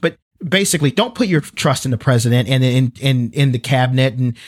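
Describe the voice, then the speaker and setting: A man's voice: mid-range voice, fairly quick, no echo, clean studio sound. A man co-hosting a faith-based podcast, speaking earnestly and emphatically, often restarting and repeating words. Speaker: podcast co-host.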